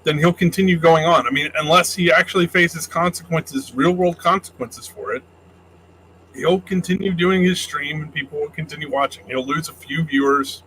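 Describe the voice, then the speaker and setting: A man's voice: fairly high pitch, steady tone, normal speed, a bit bright, slight background noise, low-quality recording. A man co-hosting a casual livestream discussion, laying out his reasoning in an explanatory way. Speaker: stream co-host.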